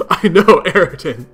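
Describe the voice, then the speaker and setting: A man's voice: high-pitched, fairly bright tone, breathy edge. A young man casually reading a webcomic aloud, with giggly, amused asides. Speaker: reader of a webcomic. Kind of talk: casual read-along commentary.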